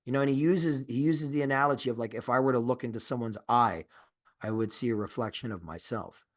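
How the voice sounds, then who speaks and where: Podcast guy, mid-pitch voice, rambly and sweary, keeps restarting, gets fired up making a point. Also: a little fast. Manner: rambling, profane, with frequent restarts and fillers; grows emphatic and insistent when arguing a point. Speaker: podcast co-host. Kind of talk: casual conversational chat.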